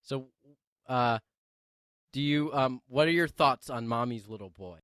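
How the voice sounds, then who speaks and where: Male podcast host, mid-pitched, dry close sound, rambling and restart-prone. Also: a bit bright, clean tone, no room sound. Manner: halting, with many restarts and laughs. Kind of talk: casual podcast interview.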